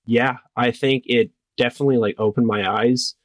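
A young man from northern Wisconsin, a cyclist, answering interview questions in a relaxed way with lots of "like". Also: medium pitch, normal speed, no echo. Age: young adult. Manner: relaxed, many "like" fillers. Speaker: cyclist guest.

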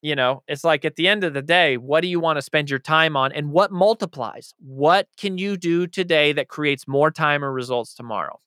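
A man's voice: fairly high pitch, normal speed, few pauses, bright, forceful tone, no echo, studio quality. A man speaking as an author being interviewed, talking in a passionate, emphatic way. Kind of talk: conversational interview answers.

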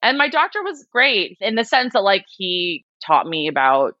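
A woman's voice: medium pitch, sing-song, normal speed, bright, forceful tone, no echo. A young adult woman telling a personal story in a casual interview, animatedly mimicking the people she quotes. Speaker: guest. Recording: slightly dull lo-fi sound.

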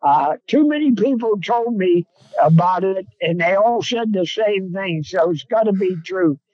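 A man's voice: high voice, animated, measured pace, darkish tone, no room sound, dull audio. A man telling rambling, folksy hunting stories in casual chat. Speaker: guest, coon hunter. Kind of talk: casual storytelling on a phone-in. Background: on a road, seeing a deer across it.

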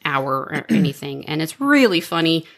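Chatty woman podcast host, slightly low voice. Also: sing-song, normal speed, fairly bright tone. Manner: chatty, acts out quoted lines with raised pitch. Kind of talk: casual podcast chat.

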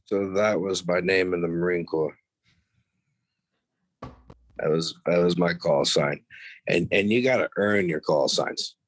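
A middle-aged podcast guest tells blunt, profane stories from his past in casual conversation, getting animated whenever he quotes others. His low voice is unhurried and full of pauses, captured in a dry recording.

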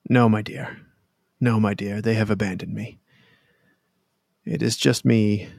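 A man voicing a gentle old elf woman who leads her people, speaking calmly and kindly in a gravelly low voice. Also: a little slow, no echo, clean studio sound. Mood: warm reassurance.

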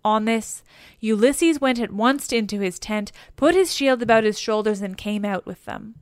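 A woman reading an epic poem aloud as scripted narration, in a measured, steady way. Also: fairly high pitch, clean tone, dry recording, studio quality. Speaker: audiobook reader.

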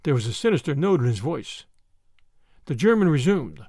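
A man narrating an audiobook in an expressive storytelling manner. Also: medium pitch, fairly quick, slightly rough, no echo, clean studio sound. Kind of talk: scripted narration.

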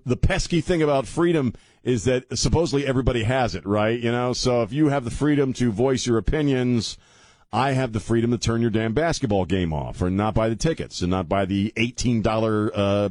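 A man's voice: medium pitch, darkish tone, dry recording. A man hosting a talk radio show from a studio, joking and sarcastic in a rambling, casual way. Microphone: studio microphone.

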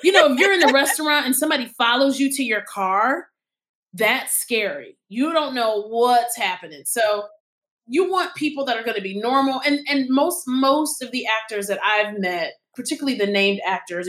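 A woman, an actor and acting coach, chatting as an interview guest and acting out the people in her stories with lively energy. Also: a little high, moderate pace. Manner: animated storyteller, acts out quotes. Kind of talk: casual interview conversation.

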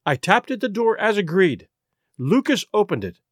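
A man reading the part of a frightened aristocratic woman confessing in a rush, with a lively, rising and falling voice in a dry recording. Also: high voice, moderate pace, no echo, full character voice. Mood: anxious.

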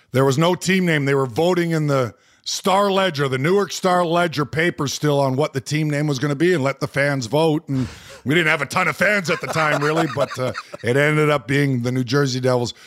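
A man's voice: on the high side, moderate pace, fairly bright tone. A man from Canada, a guest in an interview, telling candid stories and laughing now and then. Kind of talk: storytelling interview.

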